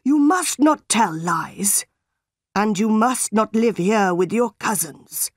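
A woman doing a slow, stern schoolmaster. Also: mid-range voice, expressive, no echo, studio quality. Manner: slow, solemn, lecturing. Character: stern cruel tall male schoolmaster.

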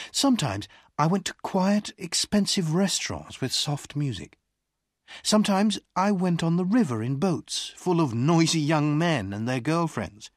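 Slow husky audiobook narrator. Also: mid-range voice, dry recording, clean studio sound. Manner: clear, deliberate storytelling. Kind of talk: scripted narration.

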